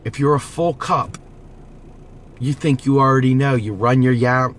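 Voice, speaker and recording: A man's voice: mid-range voice, steady tone, measured pace, slight background noise. Urgent, preachy man rallying viewers. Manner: preachy, urgent, repeats slogans. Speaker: political vlogger. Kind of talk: impassioned direct-to-camera monologue.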